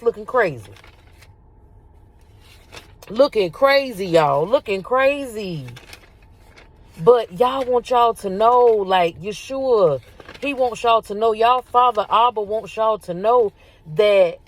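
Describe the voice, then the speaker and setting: A woman, talking casually about faith to her viewers, animated and repetitive, calling them y'all. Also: a little high, normal speed. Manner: animated, repeats herself, addresses viewers as y'all. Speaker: faith video host. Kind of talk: casual spiritual talk to viewers.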